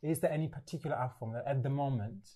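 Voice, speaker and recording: A man's voice: mid-range voice, quick pace, dark tone. A man hosting a casual interview, upbeat and enthusiastic, often saying "like" as he asks questions. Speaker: interviewer, host.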